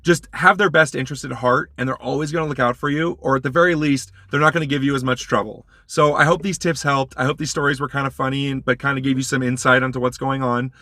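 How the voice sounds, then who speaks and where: Bright-voiced man telling delivery stories. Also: medium pitch, fairly even intonation, quick pace, few pauses, no echo, studio quality. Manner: conversational, loose, many fillers like "like" and "um"; acts out his own polite apologies in quotes. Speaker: food delivery driver and vlogger. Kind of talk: casual storytelling and advice.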